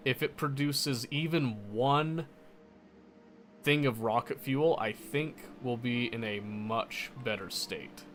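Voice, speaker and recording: A man's voice: mid-range voice, slow, fairly bright tone, a little hiss or hum. A man casually commenting on his own gameplay, muttering to himself and correcting his mistakes as he goes. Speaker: gameplay streamer.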